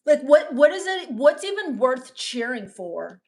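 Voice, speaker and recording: Woman playing a sulky goth teen girl, deadpan, scornful, somewhat high voice, live-stream character comedy. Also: a little slow, exaggerated voice. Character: sullen, bitter sixteen-year-old goth girl.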